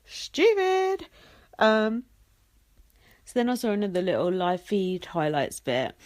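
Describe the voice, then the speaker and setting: A woman's voice: on the low side, lively intonation, measured pace. A young woman vlogging a casual recap, sarcastic and sweary, full of "like" and "um". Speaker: vlogger recapping a reality show.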